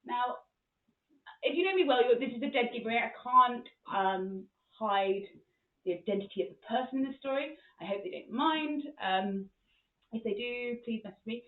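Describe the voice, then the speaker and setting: A woman's voice: a little high, normal speed. A woman hosting a podcast, telling comic stories in a frank, sweary way. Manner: frank and sweary, with animated retelling. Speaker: podcast host. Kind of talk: comic storytelling monologue. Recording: echoey, tinny phone-like sound.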